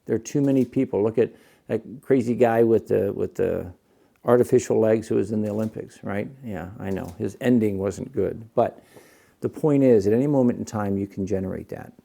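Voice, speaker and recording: A middle-aged man with a gravelly, dark voice talks casually to the camera. He hosts his own show as a physician and keeps putting questions to the viewer. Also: lowish voice, moderate pace. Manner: conversational, asks the viewer questions.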